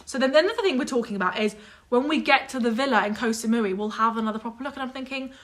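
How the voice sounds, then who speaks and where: A young woman telling a story in casual chat, animated and exasperated, swearing freely and mimicking others. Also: on the high side, fast talker. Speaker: vlog guest telling a story.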